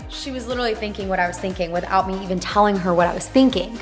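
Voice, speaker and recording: A woman's voice: medium pitch, very fast, over music. A woman in her twenties chatting casually to camera from her home, bubbly and playful, with asides to her viewers. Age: 20s. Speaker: vlogger. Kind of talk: casual vlog chat to camera. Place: home in Dallas, in a swing chair.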